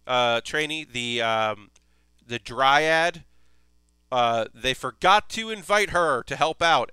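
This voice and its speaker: A man chats on a live stream as he builds a model kit, rambling eagerly and cursing now and then. His voice is bright and very clear, caught dry and close on the mic. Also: mid-range voice, dry recording. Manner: rambling and enthusiastic, swears freely. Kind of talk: casual live-stream chat.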